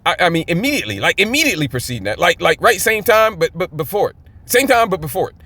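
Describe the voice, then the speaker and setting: A man's voice: sits high, sing-song, fast, bright, forceful tone. A man teaching scripture in a fired-up, emphatic way, often checking in with his listeners. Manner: emphatic, keeps checking in with "okay?". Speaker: Bible teacher.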